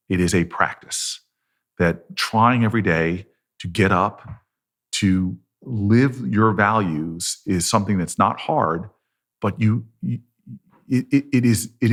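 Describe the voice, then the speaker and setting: A man's voice: fairly low pitch, a bit bright. A middle-aged man, a senator on a podcast, telling a personal story in an earnest, self-deprecating way. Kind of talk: conversational storytelling.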